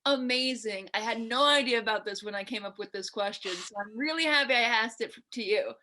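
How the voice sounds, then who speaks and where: A woman's voice: a little high, a little fast, sharp tone, slight background noise. A woman hosting a podcast, chatting casually and telling stories, acting out quoted lines. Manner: chatty storyteller, acts out quotes. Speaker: podcast host. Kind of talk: casual interview chat.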